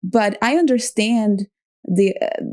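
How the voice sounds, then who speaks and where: A woman's voice: medium pitch, slow, darkish tone. A woman hosting a podcast who talks reflectively, searches for her words and laughs easily. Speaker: podcast host. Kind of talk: reflective interview conversation.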